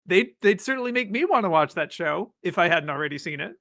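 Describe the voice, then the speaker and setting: Podcast co-host, male, bright and a bit high, rambling agreeable delivery, dry close mic. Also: animated, quick pace, dry recording. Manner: rambling, restarts often, agreeable. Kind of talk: casual chat.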